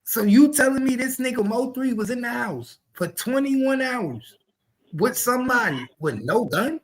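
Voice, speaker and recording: A man's voice: very high voice, animated, unhurried. A man in a heated casual talk, cutting in bluntly and cursing as he makes his point. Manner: blunt, interjecting, profane.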